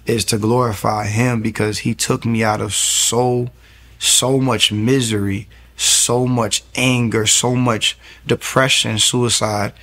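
With a lowish, creaky voice that still has a fairly bright tone, a young interview guest shares an earnest testimony. He tells his story and acts out what others said to him.

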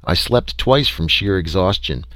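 Wry, low-voiced male storyteller. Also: expressive, unhurried, a bit bright, no room sound. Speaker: audiobook narrator. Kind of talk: first-person story reading.

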